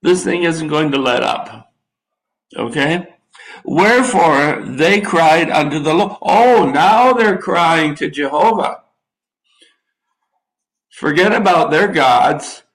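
An older man preaches in an unhurried drawl, his voice sitting a little high for a man. He reads scripture, then breaks off into folksy, wry asides to his listeners. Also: lively intonation, a bit bright, rough recording. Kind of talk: sermon.

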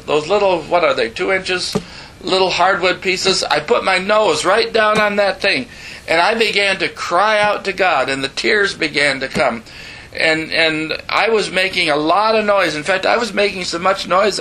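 In a rough recording, a man in his seventies preaches a sermon, earnestly telling his own story as testimony, adding emphatic asides and bantering with the audience. His voice is high, bright, and forceful.

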